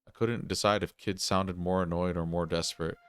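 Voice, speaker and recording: A man's voice: sits low, fairly even intonation, a little fast, clear, resonant tone. A man reading a text adventure game aloud, breaking off for casual asides. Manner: casual asides between read passages. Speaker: gaming channel host.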